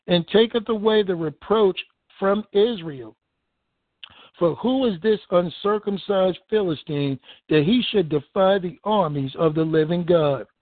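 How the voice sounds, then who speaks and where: A man with a high voice preaches a fervent, emphatic sermon, reading scripture aloud and expounding on it. The recording is dry and tinny, like it came through a phone.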